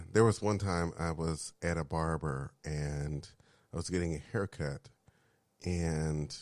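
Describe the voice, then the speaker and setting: A low-pitched man chatting casually as a podcast co-host. He tells frank, candid stories and keeps murmuring along while his partner talks. The sound is dry and close, with no room echo. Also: gravelly, a little mellow. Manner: candid, frank storytelling, drops to a whisper for asides; frequent murmured backchannels. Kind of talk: casual chat.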